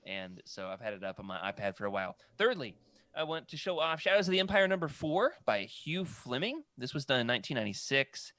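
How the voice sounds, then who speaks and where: A man's voice: mid-range voice, sing-song, a little fast, a bit bright, no room sound. A man co-hosting a casual chat, rambling and correcting himself as he stumbles over names. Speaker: podcast co-host. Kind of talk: casual chat about comic art books.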